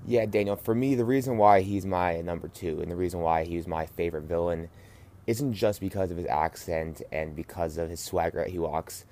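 A man's voice: sits low, warm tone. A man co-hosting a podcast, talking earnestly with frequent hesitations and fillers. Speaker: podcast co-host. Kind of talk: casual podcast discussion.

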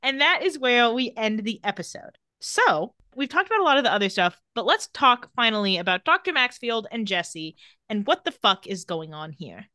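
Lively-voiced woman recapping with wry asides. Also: fairly high pitch, normal speed, no room sound, clean studio sound. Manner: laughs often, narrates scenes with wry asides. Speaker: podcast co-host recapping a TV episode. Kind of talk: casual chat.

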